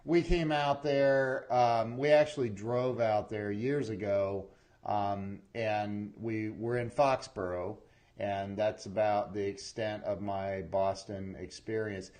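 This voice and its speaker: Slow, halting man hosting an interview. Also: lowish voice, fairly even intonation, darkish tone. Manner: halting, repeats words, many fillers. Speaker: podcast host. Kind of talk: casual interview chat.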